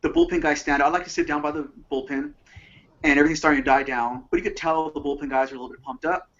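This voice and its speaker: A man, a panelist on a call, telling stories with excited enthusiasm. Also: on the high side, fast talker, dull audio. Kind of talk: casual panel talk over a call.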